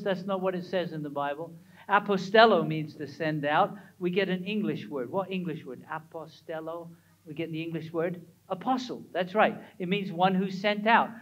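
A middle-aged male pastor preaches a sermon in a church, his voice sitting high for a man. He drives his points home with emphasis and keeps turning to the congregation with questions. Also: poor audio.

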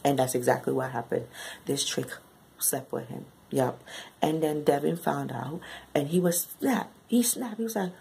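A woman recapping a novel in a chatty, slangy way, often tagging "right?" onto her sentences and bursting into high exclamations. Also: steady tone, a little slow, creaky, warm tone, husky, low-quality recording. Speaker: book reviewer. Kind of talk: casual book recap.

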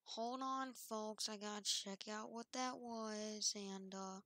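A woman acting out a casual game role-play, halting and hesitant, with many fillers and restarts. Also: mid-range voice, fairly even intonation, bright, forceful tone, no room sound. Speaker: role-play channel host.

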